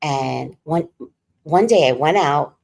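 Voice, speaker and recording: A woman, hosting her own stream and telling a family story in a blunt, slangy, animated way. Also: low voice, slow, creaky. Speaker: livestream host. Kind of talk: casual storytelling chat.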